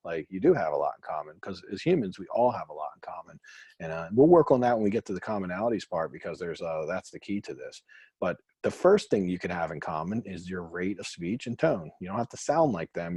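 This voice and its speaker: A man coaching a group call, chatty and quick, acting out short quotes as he explains. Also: sits low, darkish tone, slightly rough, no room sound. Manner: fast, chatty, acts out quotes.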